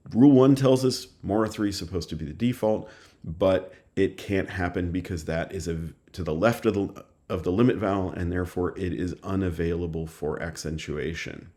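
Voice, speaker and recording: A man's voice: sits low, a little mellow. A man teaching a recorded lesson, explaining step by step in a patient, methodical way with frequent small fillers. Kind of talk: recorded lecture.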